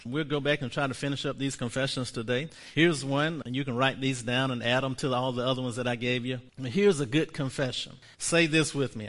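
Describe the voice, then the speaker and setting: A man preaching a sermon, leading the congregation in slow, emphatic spoken confessions and building to loud, fervent passages. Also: medium pitch, fairly even intonation. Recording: long hall reverb.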